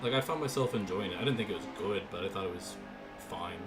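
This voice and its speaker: A young man streaming a racing game, calling the race in an excited play-by-play style and chatting loosely between races. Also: low-pitched, fast, loud music behind the voice. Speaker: gaming streamer. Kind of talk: live racing game commentary.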